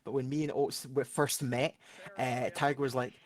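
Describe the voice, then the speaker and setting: A Scottish man in casual chat, animated and joking. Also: medium pitch, normal speed.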